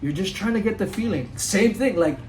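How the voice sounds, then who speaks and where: A man's voice: sits high, lively intonation, fairly quick, a little mellow, rough recording. A man giving an earnest, casual motivational talk outdoors at home, often saying "dude" and "like". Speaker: motivational vlogger.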